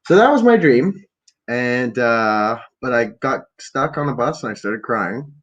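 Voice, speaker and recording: A man's voice: mid-range voice, lively intonation, a little slow, muffled recording. A man from Canada hosting a podcast, telling a meandering story in a casual rambling monologue, often trailing off into fillers and restarts. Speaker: podcast host.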